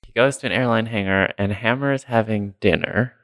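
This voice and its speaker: A man's voice: fairly low pitch, brisk, a bit bright, no echo, faint music behind. A man co-hosting a podcast, casually recapping a movie with a sarcastic, rambling manner and frequent laughs. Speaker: podcast co-host.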